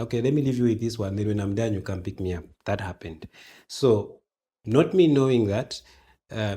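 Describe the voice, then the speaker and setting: A man's voice: on the low side, husky. A man, a guest in a casual interview, telling his story with animation and acting out the dialogue. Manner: animated, acts out dialogue in quoted voices.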